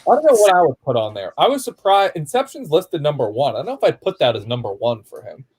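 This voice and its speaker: Man, husky voice, short answers, casual chat. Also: fairly high pitch, big pitch swings, fast talker, a little mellow. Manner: gives short answers and hints in a quiz. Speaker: stream co-host.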